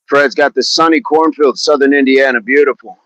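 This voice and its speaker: A man's voice: medium pitch, fairly even intonation, fairly quick, fairly bright tone, no echo, low-quality recording. A man coaching a fitness live stream outdoors in a park, chatting casually, upbeat, greeting viewers by name and repeating words. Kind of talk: casual live-stream chat while warming up.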